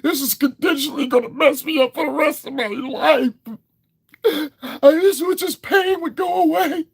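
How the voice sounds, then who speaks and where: A man putting on a high, whimpering falsetto to mock an oversensitive young man. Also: moderate pace, vocal fry, dry recording. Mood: whiny. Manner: whimpering, exaggerated falsetto mockery.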